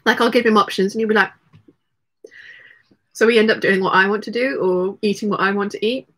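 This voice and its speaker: A woman's voice: medium pitch, fairly even intonation, fairly quick, a bit bright. A woman hosting a casual livestream from home, reading out chat messages, laughing often and talking while she eats. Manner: chatty, laughs often, talks while eating.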